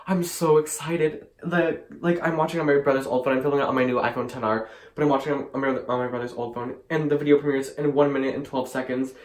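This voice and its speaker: A man hosting a fan reaction video, gushing with breathless excitement and constant exclamations. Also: medium pitch. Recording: echoey room.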